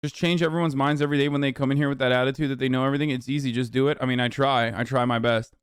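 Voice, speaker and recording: A man hosting a live stream, ranting sarcastically and swearing freely as he reacts to chat. His voice is smooth and resonant at a middle pitch. The sound is close and dry, with no room echo. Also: fairly even intonation, racing. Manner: profane, heated, sarcastic. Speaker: livestream host.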